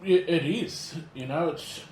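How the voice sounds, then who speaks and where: Slightly slow and a bit mellow, this man's voice sits on the high side. He's an Australian co-hosting a podcast, trading easygoing banter full of swearing and meandering jokes, recorded in an echoey room with faint noise.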